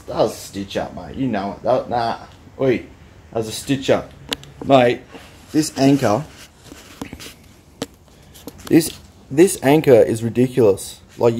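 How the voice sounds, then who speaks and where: A man's voice: medium pitch, mellow. A man with an Australian accent ranting bluntly and dismissively, insisting something is not his fault. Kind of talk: mock-defensive rant.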